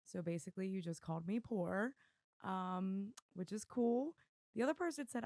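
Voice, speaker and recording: A woman hosting her own podcast in casual chat, rambling and self-deprecating, laughing often, with her voice going hoarse. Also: mid-range voice, moderate pace, darkish tone, dry recording. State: losing her voice. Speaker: podcast host. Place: room at home with dogs. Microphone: desk mic on video.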